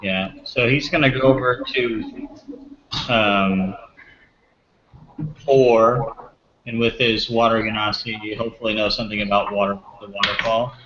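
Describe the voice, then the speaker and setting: A man's voice: on the low side, fairly even intonation, unhurried, long pauses. Guy playing a tabletop game, matter-of-fact, dull audio with noise behind. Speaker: player. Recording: lo-fi recording with clear background noise.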